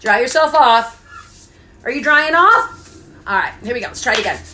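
A woman's voice: a little high, expressive, moderate pace, bright, forceful tone. A woman teaching children's songs on a live stream, cheerful and sing-song, breaking into songs and silly sounds. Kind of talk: singing songs and chants for kids on a live stream.

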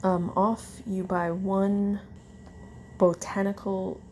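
A woman in casual chat, reading a long list of coupons in a slow, tired way, with fillers and self-corrections. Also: medium pitch, little pitch movement, a little mellow, slight background noise. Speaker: vlogger.

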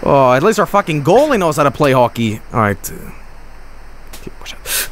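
Animated, yelling game streamer man. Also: moderate pace, slight background noise. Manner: swings from low grumbling to loud yelling and cursing at the game. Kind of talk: live gameplay commentary.

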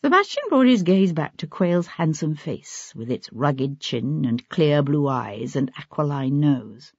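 A woman narrating an audiobook in a steady, even storytelling manner. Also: low voice, normal speed, hardly any pauses, husky, no room sound, highs cut off.

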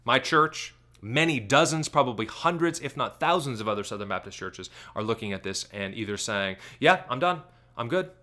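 A man giving commentary on a clip, asking sarcastic rapid-fire questions. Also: on the low side, bright, forceful tone.

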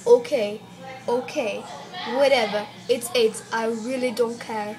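A woman voicing a bossy, scolding female schoolteacher in a put-on British accent, loud and exasperated. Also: fairly high pitch, steady tone, a little slow, close to an everyday voice.

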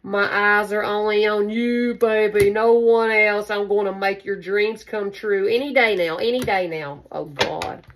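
A woman's voice: medium pitch, steady tone, unhurried, hardly any pauses. A woman giving a casual tarot reading to camera, chatty and affectionate, calling her listeners baby. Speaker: tarot card reader.

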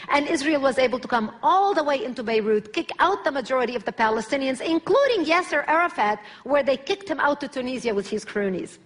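A woman's voice: sits high, expressive, a little fast, few pauses. A woman, giving a public speech as an emphatic personal testimony. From Lebanon. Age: 40s. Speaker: speaker.

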